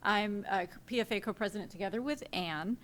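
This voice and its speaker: A woman's voice: medium pitch, fairly quick, a bit bright. A woman, co-president of a parent association, giving a friendly welcome speech from her notes.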